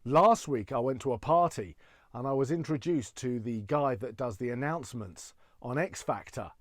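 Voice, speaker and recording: A man's voice: medium pitch, moderate pace, dry recording. A male impressionist talks through a stand-up set in a chatty, self-mocking way, full of little fillers. The sound is dry and close, with no room around it. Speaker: impressionist comedian.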